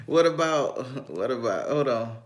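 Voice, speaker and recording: A man talks on his own livestream in an animated, swooping voice that climbs high and drops low. He swears freely, leans hard on his points and reads out his viewers' comments as he goes. His pitch sits mid-range for a man. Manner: animated, profane and emphatic, reading chat comments aloud; breaks into frequent laughter. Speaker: livestream host and tarot reader. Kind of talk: casual livestream talk.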